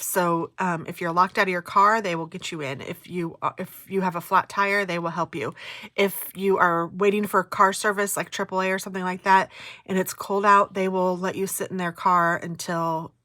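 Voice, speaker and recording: A middle-aged woman vlogger talks casually through her day and tells a story. She is animated and keeps breaking into exclamations. Her voice sits a little low, and the recording is dry and close. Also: dry recording.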